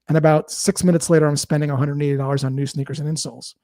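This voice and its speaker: A man's voice: a little high, little pitch movement, rapid-fire, few pauses, warm tone, dry recording, studio quality. Upbeat man telling sales stories. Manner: explains through anecdotes and example dialogue. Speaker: sales expert guest. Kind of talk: conversational interview storytelling.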